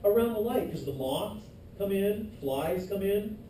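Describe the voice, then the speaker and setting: A man's voice: high voice, animated, a little slow, dark tone. A male instructor giving a classroom lecture, loose and joking with his students. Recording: echoey classroom from far off, faint noise.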